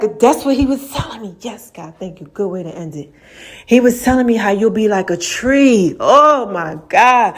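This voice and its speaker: A woman hosting her own podcast in a casual, animated monologue, preaching about faith and laughing often. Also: fairly high pitch. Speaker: podcast host.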